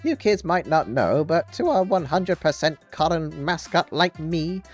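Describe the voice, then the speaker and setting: A man voicing a sadistic bear mascot who delights in despair, in a high squeaky put-on voice while reading game dialogue on a livestream. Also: very animated, measured pace, soft background music. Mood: gleeful menace.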